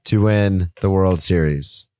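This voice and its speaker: A man's voice: deep voice, slow pace, a little mellow, dry recording. A man co-hosting a casual sports talk show, laid-back and swearing casually as he gives his picks. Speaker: sports podcast co-host.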